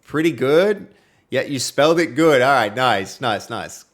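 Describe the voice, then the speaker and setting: Working through code on a livestream, a young Australian man chats easily with his audience and reads out viewer messages as they come in, his speech relaxed, friendly and filler-packed. He has a medium-pitched, slightly bright voice. His delivery is animated and a little slow.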